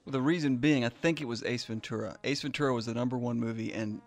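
Male co-host, gravelly, wisecracking, faint music behind. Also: mid-range voice, fast. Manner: wisecracking, plays the customer in bits. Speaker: radio co-host. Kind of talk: radio show banter.

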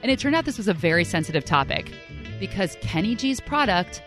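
A woman hosting a podcast, telling stories in an upbeat, chatty, animated way. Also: medium pitch, fairly quick, music in the background. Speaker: podcast host. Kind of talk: casual storytelling narration.

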